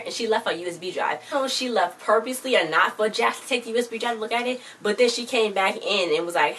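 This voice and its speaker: Woman, casual episode recap, chatty retelling, quick pace, faint background noise. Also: mid-range voice, a bit bright, recorded from a distance. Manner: chatty retelling, acting out quoted lines. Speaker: TV show recap vlogger.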